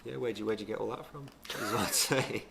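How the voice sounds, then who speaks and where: A man's voice: on the low side, brisk, gravelly, crowd noise. A man co-hosting a podcast in casual chat, boastful and defiant in his banter. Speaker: podcast co-host.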